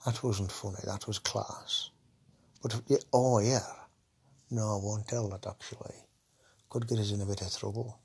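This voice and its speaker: A man's voice: lowish voice, steady tone, normal speed, gravelly, pauses often, darkish tone, husky. A man hosting a podcast in a rambling, crude monologue, swearing constantly and tagging his lines with "eh?". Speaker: podcast host. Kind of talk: casual comedy podcast monologue.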